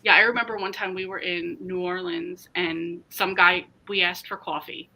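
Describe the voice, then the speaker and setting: A woman from New Jersey hosting a casual livestream chat, telling stories with quick asides. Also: lowish voice, steady tone, bright, forceful tone, rough recording. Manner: chatty storyteller, quick asides and laughs. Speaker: livestream host.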